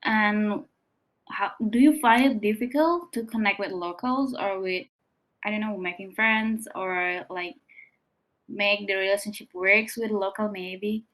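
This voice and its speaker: A woman hosting a casual interview, asking questions haltingly with fillers. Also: medium pitch, fairly bright tone. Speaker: host.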